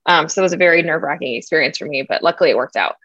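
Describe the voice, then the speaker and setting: A woman comedian chatting in an interview, telling animated stories with frequent fillers and laughs. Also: low voice, racing, no room sound. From United States. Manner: animated storyteller, laughs often, many ums and likes. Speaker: comedian guest. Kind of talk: casual interview chat. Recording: dry, dull lo-fi sound.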